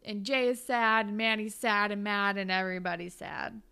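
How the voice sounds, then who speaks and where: A woman's voice: mid-range voice, normal speed, gravelly, pushed and bright, clear, resonant tone. A woman co-hosting a casual chat, recapping a TV episode in a rambling, giggly way and acting out the characters' lines. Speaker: podcast co-host.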